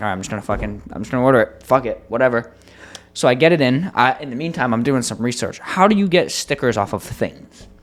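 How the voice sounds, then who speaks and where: A man co-hosting a podcast, telling a story in casual chat with an animated, profane manner. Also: mid-range voice. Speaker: podcast co-host.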